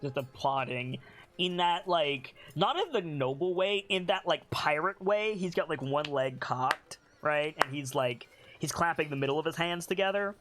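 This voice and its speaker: A man's voice: a little high, animated, normal speed. A man narrating as game master for a tabletop game, in a loose, rambling way. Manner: rambling, loose, filler-laden.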